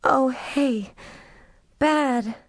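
A frightened young girl, high and trembling, her words breathless and shaky, played by a woman reading an audiobook. The voice sits far above the reader's own low tone. It is recorded close and dry, with no room sound. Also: very animated, moderate pace, dry recording, natural voice. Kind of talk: audiobook character voice.

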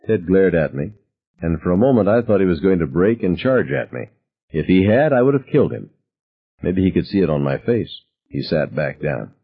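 Deep, husky male audiobook narrator. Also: moderate pace, narrow, tinny audio. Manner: expressive first-person storytelling.

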